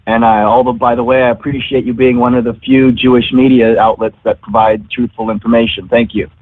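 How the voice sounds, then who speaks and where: A man from California leaving a halting, plain-spoken call-in message. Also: mid-range voice, flat delivery. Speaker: caller. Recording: tinny phone line.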